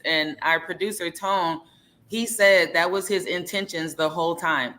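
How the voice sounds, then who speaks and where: Bright-voiced upbeat woman on a video call. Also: fairly low pitch, unhurried. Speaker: podcast guest, nonprofit founder. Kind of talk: casual podcast chat.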